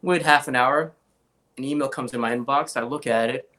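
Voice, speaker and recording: A man in his young adult years chats casually as an interview guest, spinning animated anecdotes. His speaking pitch sits in the middle range, and he slips into other people's voices when he quotes them. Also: brisk. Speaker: guest, comic art collector.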